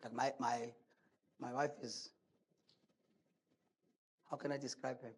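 A man's voice: mid-range voice, level tone, takes it slowly, husky. A male preacher delivering a sermon emphatically, asking rhetorical questions.

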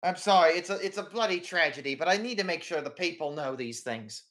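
A man voicing a gruff, cigar-chomping newspaper editor who is blustery and excitable. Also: a little high, a little fast, pitched above the performer's own voice.

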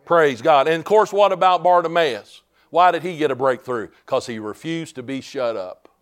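Fervent man preaching, slightly high voice. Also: normal speed. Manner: fervent preaching that swells to shouts; calls out "Amen?" to the congregation. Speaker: pastor. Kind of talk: sermon.

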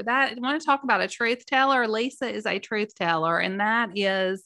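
A middle-aged woman talks casually to her viewers as their host. Her voice sits a little high and rings bright and forceful. She is folksy and openly emotional, often close to tears. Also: steady tone, moderate pace, creaky, few pauses.

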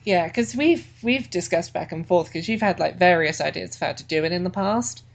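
A woman's voice: fairly low pitch, normal speed, gravelly. Chatty woman hosting a casual chat. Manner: chatty, laughs easily, promotional. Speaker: podcast host and convention track organizer.

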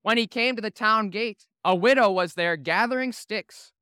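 A male pastor with a bright, crisp voice, telling Bible stories in a loose, joking sermon style. The sound is dry and close. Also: high voice, moderate pace, no room sound. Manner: casual, humorous storytelling.

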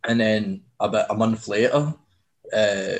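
A young man hosting a podcast, telling stories in lively casual chat and swearing freely. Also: on the low side, measured pace. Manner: animated storyteller, swears freely. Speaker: podcast host.

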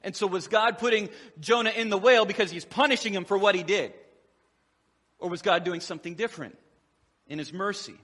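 Bright, high-voiced pastor preaching in a hall. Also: male voice, brisk. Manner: conversational preaching with humor and acted quotes. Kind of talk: sermon.

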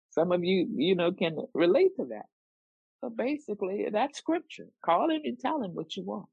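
A minister teaching on prayer, animated and acting out sample prayers with emphasis. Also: medium pitch, moderate pace, creaky, slightly rough, no echo, highs cut off. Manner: animated, specific, acts out prayers. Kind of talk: Bible teaching sermon.

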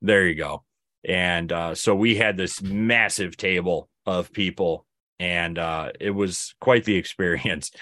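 Low-voiced man telling rambling stories. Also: unhurried, bright, forceful tone, no room sound. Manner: rambling storyteller, acts out friends' lines. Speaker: podcast co-host. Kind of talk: casual chat.

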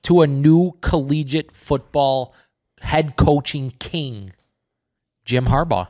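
A man's voice: on the high side, takes it slowly, a little mellow. A man co-hosting a sports podcast, talking football in emphatic, hyped banter. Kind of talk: casual sports chat.

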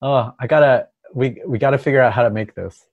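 A man's voice: medium pitch, a little fast, dry recording, narrow, tinny audio. A man in a casual comedic chat, enthusiastic and laughing a lot.

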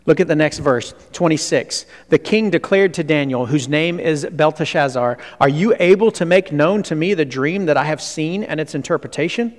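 Man preaching a sermon, fairly high voice, lively then hushed, long hall reverb. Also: moderate pace, hardly any pauses. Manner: animated preaching with sudden drops to a hush; asks the audience questions. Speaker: pastor. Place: hall with an audience.

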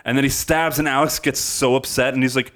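A man co-hosting a podcast, chatting casually and telling stories in an expressive way. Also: medium pitch, brisk. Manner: animated, expressive storyteller. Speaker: podcast co-host. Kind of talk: casual chat.

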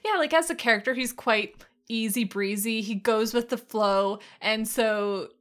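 A woman co-hosting a casual podcast, recapping a TV episode and acting out quotes with animated energy. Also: fairly high pitch, measured pace. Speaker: podcast co-host.

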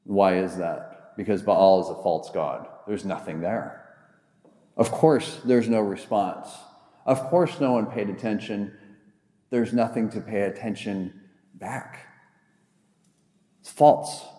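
A man's voice: lowish voice, slow pace, pauses often, dark tone. A man preaching a sermon as a pastor, retelling a Bible story in a conversational, humorous way. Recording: echoey hall with long reverb.

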